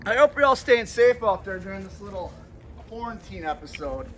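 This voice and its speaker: A man with a strikingly high voice tells a story to his vlog camera in a relaxed, chatty way. He plays out the voices of the people in his story as he goes. Steady background noise runs under his voice. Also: normal speed. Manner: lively storyteller who acts out the people he quotes. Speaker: vlogger and pro wrestler. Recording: noisy ambient background.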